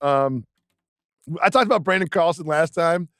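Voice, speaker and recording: Picture a man with a fairly high voice cohosting a basketball podcast. He jokes around, laughs at himself, and trades banter in a relaxed back-and-forth. The sound is dry and close, like a studio mic. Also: dry recording. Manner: joking, self-deprecating, quick laughs. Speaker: podcast co-host. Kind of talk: casual sports podcast chat.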